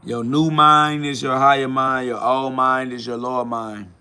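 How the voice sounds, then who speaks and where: Blunt preachy man with a middle-pitched voice. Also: level tone, unhurried, bright, forceful tone, smooth. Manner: preachy, blunt, quotes Bible verses, casual slang. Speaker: livestream host. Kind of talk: live self-talk stream, reading and answering chat.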